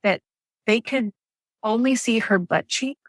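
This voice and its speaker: A woman in her thirties telling her birth story as a podcast guest, lively and quick to act out what people said. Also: a little high, dry recording. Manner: animated storytelling, acts out quotes.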